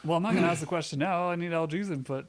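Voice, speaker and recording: A man co-hosting a show over a video call, quick and jokey, often laughing. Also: fairly high pitch. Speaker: co-host. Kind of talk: casual chat.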